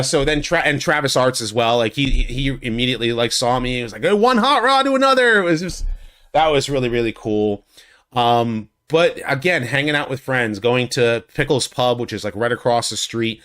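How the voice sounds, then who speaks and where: Man, casual convention recap, rambling, lots of restarts, mid-pitched voice, studio mic. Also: a bit bright. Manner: rambling, with many restarts and likes; acts out quotes in a much higher voice. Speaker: YouTube host recapping a convention. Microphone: USB studio condenser mic.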